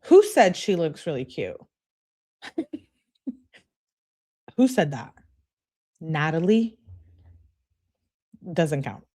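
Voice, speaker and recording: A woman's voice: low voice, very animated, very slow, long pauses, warm tone. A woman hosting a live reading of text messages, adding wry, amused comments. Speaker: host. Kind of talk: reading texts aloud with commentary.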